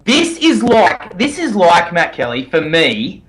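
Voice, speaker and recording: An energetic man co-hosting a casual podcast, his voice sitting high and swooping widely as he jokes and riffs. He teases his partner playfully, talking over a call. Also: slow, a crowd in the background, poor audio. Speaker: podcast co-host.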